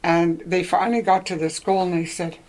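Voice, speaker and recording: This woman in her seventies, from northwestern Ontario, Canada, reminisces in a casual oral-history interview, rambling and laughing often. Her voice is on the low side, level and darkish, and she talks briskly, though the audio is poor.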